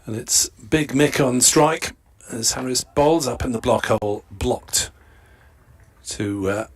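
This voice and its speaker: A man giving steady, matter-of-fact ball-by-ball cricket commentary. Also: medium pitch, slow, breathy edge.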